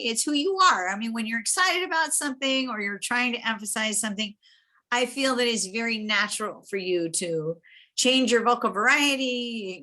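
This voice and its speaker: A woman giving a chatty, encouraging evaluation of a speech over a video call, slipping into lively quoted asides. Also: on the high side. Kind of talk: spoken feedback on a speech.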